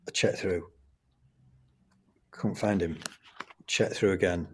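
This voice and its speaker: A middle-aged man telling a personal story as a podcast guest, earnest and animated. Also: low-pitched, takes it slowly, pauses often, husky. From England. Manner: earnest, animated anecdote telling with quoted dialogue. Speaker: guest, school trust academic leader.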